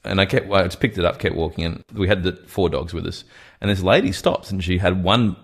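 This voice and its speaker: A man's voice: low-pitched, fast talker, breathy edge. A man co-hosting a comedy podcast, asking dry, probing questions and recounting his weekend. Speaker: podcast co-host. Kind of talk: casual comedic chat.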